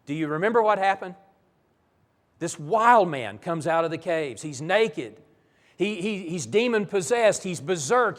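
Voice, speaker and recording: A man's voice: sits high, long reverb tail. A man preaching a Bible lesson in a church, telling the stories vividly. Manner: animated, vivid storytelling. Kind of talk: sermon-style Bible lesson.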